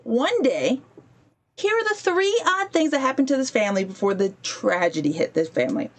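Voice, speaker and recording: A woman with a medium-pitched voice hosts a podcast, chatting through a story while gaming on a livestream. She's digressive, stopping to fix her stream and briefly playing out the voices of people she quotes.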